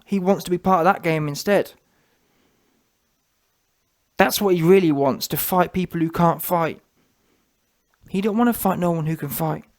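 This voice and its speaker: A man ranting scornfully in a boxing commentary vlog, animated and repeating himself for emphasis. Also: a little high.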